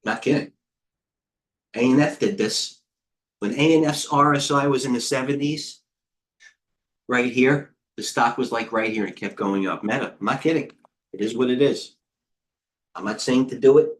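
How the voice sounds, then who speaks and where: In an indoor room where a heater is running, a middle-aged trading streamer with a medium-pitched voice comments casually on the markets live. His talk meanders, full of quick asides, false starts and muttering to himself.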